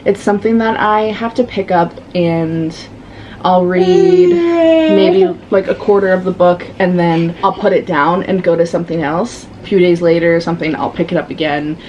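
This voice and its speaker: A woman chatting casually in a reading vlog, giving animated, sassy commentary on a book and laughing often. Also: lowish voice, a little fast, few pauses, lo-fi sound, slight background noise. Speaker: book vlogger.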